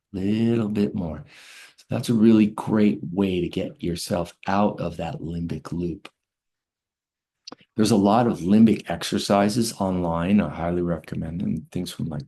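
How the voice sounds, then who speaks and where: An author and health teacher with a deep, gravelly voice gives a spoken lecture with guided slow breathing. He is gentle and often checks in with "right?", slowing and softening to a hush as he guides the breaths.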